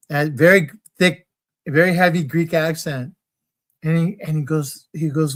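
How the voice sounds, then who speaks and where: A man's voice: fairly high pitch, fairly even intonation, unhurried, a bit bright. Chatty man telling a rambling story. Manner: rambling storyteller with many restarts. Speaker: co-host of a crochet livestream. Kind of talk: casual livestream chat.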